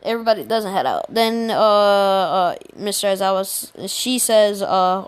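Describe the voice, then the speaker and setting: A woman's voice: medium pitch, moderate pace, few pauses, clear, resonant tone. Rambling, slangy woman telling a fan story. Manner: rambling, slangy, profane, laughs often. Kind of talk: casual fan story retelling.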